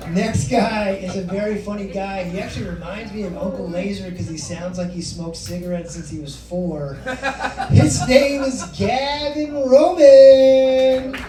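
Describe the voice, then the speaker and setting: A man's voice: high voice, steady tone, measured pace, crowd noise. A man hosting a comedy night, introducing the next comic with teasing jokes. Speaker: host. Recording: echoey room from far off, clear noise.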